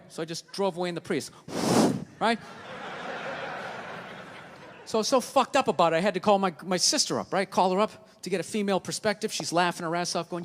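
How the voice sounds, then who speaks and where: A man's voice: high-pitched, lively intonation, brisk, fairly bright tone. A male stand-up comedian ranting through a profane, brash story to a live audience. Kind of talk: stand-up routine. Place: comedy stage before an audience. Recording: live theater hall with crowd.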